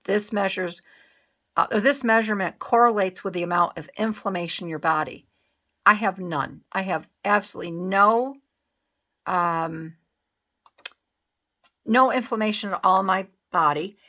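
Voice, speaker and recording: A woman's voice: medium pitch, normal speed, pauses often, bright, forceful tone. A middle-aged woman vlogging in casual chat while making a collage, rambling with many fillers and restarts.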